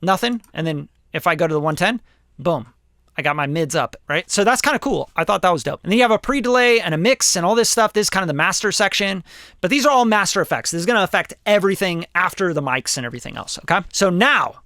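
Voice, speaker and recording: Male producer, upbeat tutorial host, high voice, dry close sound, jokey slang delivery. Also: animated, quick pace, pushed and bright, no echo. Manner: enthusiastic, joking, slangy. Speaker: music producer demonstrating a plugin. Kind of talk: casual screen-recorded tutorial.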